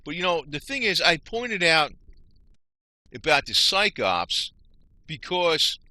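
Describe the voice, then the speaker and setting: A man's voice: fairly high pitch, big pitch swings, slow, sharp tone, no room sound. A man rambling frustratedly to his viewers, explaining things on his screen. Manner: rambling, frustrated, talks to viewers as "you guys". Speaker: vlogger. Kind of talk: rambling screen-share rant.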